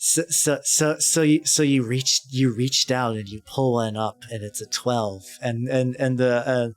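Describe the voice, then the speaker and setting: A man's voice: mid-range voice, steady tone, a little slow. A man narrating a tabletop game as game master, stammering and repeating words.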